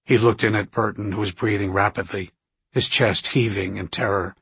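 A man with a husky voice reading a novel aloud in an even, steady narration. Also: lowish voice, normal speed. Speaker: audiobook narrator. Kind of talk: scripted narration.

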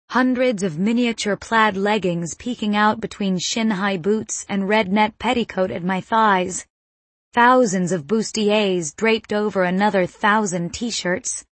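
Woman reading a suspense novel aloud, slow and measured, dry close mic. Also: medium pitch, no echo. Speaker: audiobook narrator. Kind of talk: first-person novel narration.

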